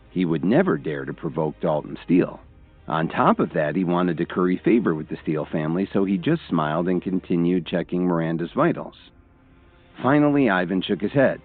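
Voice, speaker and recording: A man narrating an audiobook in an expressive, emphatic way. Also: deep voice, moderate pace. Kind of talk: scripted narration. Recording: tinny phone-like sound, faint music.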